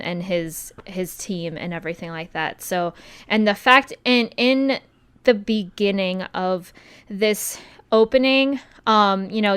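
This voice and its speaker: A woman co-hosting a podcast, talking casually in a slow, halting way with many fillers. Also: medium pitch, a bit bright, smooth. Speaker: podcast co-host.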